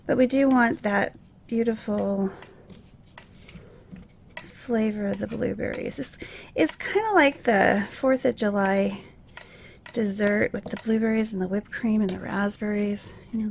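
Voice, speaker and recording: A woman hosting a chatty step-by-step craft tutorial at home at night, talking softly and half-whispering because others are asleep, with easygoing asides as she works. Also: mid-range voice, a little slow, vocal fry. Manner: hushed, half-whispered while others sleep. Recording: noisy home recording with clicks.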